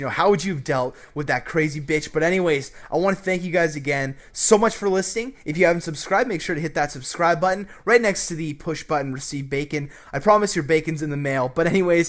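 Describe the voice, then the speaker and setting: A male vlog host tells a story casually, acting out everyone's lines. He swears freely, and his voice sits slightly high. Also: fairly quick. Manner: animated, acting out quotes, profane.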